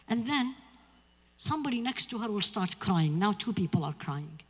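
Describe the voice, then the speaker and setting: A woman's voice: medium pitch, expressive, normal speed, pauses often. A woman with a giving an earnest, emphatic lecture on spirituality in a mosque, talking straight to her audience. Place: mosque hall. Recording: husky voice in a reverberant hall.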